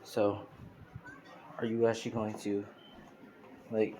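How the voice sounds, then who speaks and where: A man voicing a gruff older male teacher who asks blunt questions in a fan-made story. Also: lowish voice, monotone, slow, background noise. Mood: probing.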